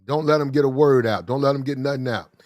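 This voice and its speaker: A man hosting a commentary show, ranting bluntly with profanity, repeating lines for emphasis and getting loud and fast when worked up. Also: mid-range voice, no room sound, lo-fi sound. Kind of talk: heated commentary rant.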